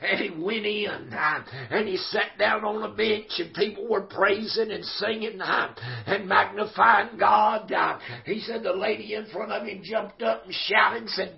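Gravelly, high-voiced older male preacher. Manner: fervent, bursts into shouts, many "uh" pauses. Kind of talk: storytelling sermon. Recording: dull lo-fi recording.

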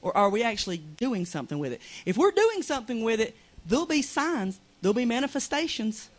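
A woman's voice: a little high, very animated, a little fast. A woman preaching a fervent, conversational sermon in a small church.

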